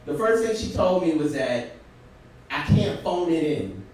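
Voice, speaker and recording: Brief: young man from Brooklyn, lively storyteller onstage, voice rides high and roams, caught from off mic. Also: unhurried, distant mic. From Brooklyn, New York. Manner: animated, laughs through his telling. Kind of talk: live comedic storytelling. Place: theater stage before a live audience. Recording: very echoey theater, from off mic.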